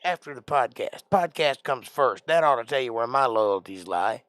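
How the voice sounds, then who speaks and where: A man's voice: mid-range voice, expressive, normal speed, a bit bright, dry recording. A man hosting a casual live stream, joking around in a put-on accent and sounding tired. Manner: joking, puts on an odd made-up accent. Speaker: livestream host.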